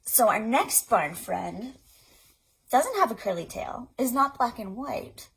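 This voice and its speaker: A young woman, a children's librarian, chatting through rhymes and games for little kids at home, chatty and clear in her explanations. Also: on the high side, very animated, low-quality recording. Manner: chatty, explains activities then sings rhymes slowly. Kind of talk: online storytime for toddlers. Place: indoors at home.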